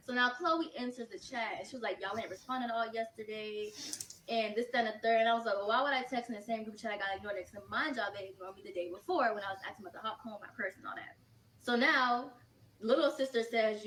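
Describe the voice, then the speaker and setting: A young woman spills a storytime in a casual, slangy rush, acting out what people said with a somewhat high voice. She sounds a little out of breath and sits away from the mic. The room is echoey, with a faint hiss underneath. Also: quick pace, recorded from a distance. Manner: chatty, animated, slangy retelling with quoted asides. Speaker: storytime vlogger.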